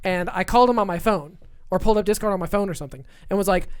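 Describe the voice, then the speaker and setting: A woman co-hosting a podcast, chatting casually and telling animated stories, quick to act out voices. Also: medium pitch, smooth. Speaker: podcast co-host. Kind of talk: casual chat.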